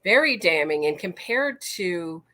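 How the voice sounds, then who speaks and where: A woman hosting a podcast, speaking emphatically in halting phrases. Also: lowish voice, big pitch swings, bright, forceful tone. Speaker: podcast host. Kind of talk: casual podcast discussion.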